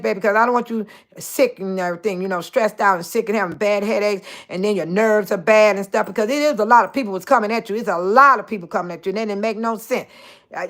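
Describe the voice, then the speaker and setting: An older woman hosting a casual live chat, talking straight to her viewers by name, chatty and animated with frequent laughter. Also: medium pitch. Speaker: host.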